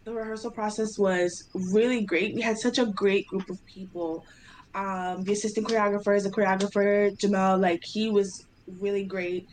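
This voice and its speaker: A young woman dancer and choreographer telling stories in a casual interview, animated and acting out her own past dialogue in excited voices. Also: medium pitch, moderate pace, a little hiss or hum, poor audio. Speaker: dancer and choreographer, podcast guest.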